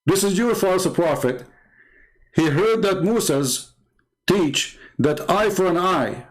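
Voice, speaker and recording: Arabic-native man from the Middle East, combative sarcastic apologist, slightly high voice, repeats his points. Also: expressive, slow. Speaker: Christian apologist. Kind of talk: mocking polemic talk.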